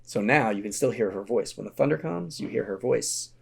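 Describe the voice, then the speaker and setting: Lively, gravelly-voiced middle-aged man. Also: fairly quick. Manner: animated storyteller, acts out quotes in a high voice. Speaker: podcast guest, Renaissance fair founder and educator. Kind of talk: casual storytelling chat.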